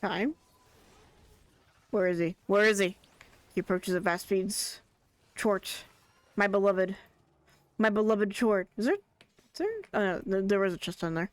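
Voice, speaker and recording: This is a streamer chatting through a gameplay session in a loose, rambling way. The voice jumps into excited chants whenever a favourite character shows up. It sits at a middling pitch, recorded close and dry with no room sound. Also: unhurried, long pauses, no echo. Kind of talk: casual gameplay commentary.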